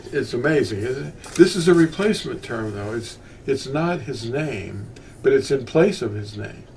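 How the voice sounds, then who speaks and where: A man's voice: medium pitch, darkish tone. An older man teaching about scripture in a meandering, unscripted way, often restarting his sentences. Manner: meandering, with frequent restarts and asides. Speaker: bible teacher. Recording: distant mic with faint ambient noise.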